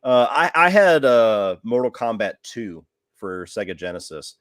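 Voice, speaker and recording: A man in his thirties hosting a casual podcast chat, excitable and quick to laugh. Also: mid-range voice, no echo, studio quality. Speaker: podcast host.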